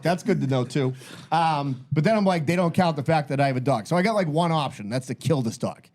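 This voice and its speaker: A man's voice: fairly high pitch, quick pace, a little mellow. A man in his thirties co-hosting a podcast, ranting in a tired, exasperated way and swearing constantly. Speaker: podcast co-host. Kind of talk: casual chat.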